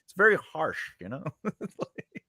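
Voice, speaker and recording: Guy hosting a live writing stream, bright voice, jokes a lot, laughs constantly, dry room sound. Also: fairly high pitch, wildly swooping pitch, moderate pace, vocal fry, breathy edge, dry recording. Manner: joking, laughs often. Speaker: host. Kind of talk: casual live-stream chat.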